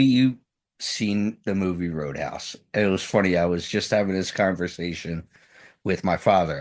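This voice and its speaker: A man hosting a podcast interview, chatting casually and chuckling along with his guest. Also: sits low. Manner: laid-back, chuckling, chatty asides. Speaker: podcast host. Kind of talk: casual chat.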